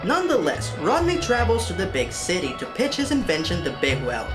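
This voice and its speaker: A woman's voice: lowish voice, huge pitch swings, fairly quick, over music. A woman narrating a comedic film review in a sarcastic, exasperated manner.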